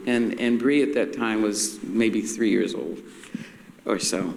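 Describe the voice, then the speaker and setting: An older woman on a panel, telling an anecdote in an animated way, laughing and acting out the voices she quotes. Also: rumbling low, slow, gravelly. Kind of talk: anecdotal storytelling. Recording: roomy hall with long reverb.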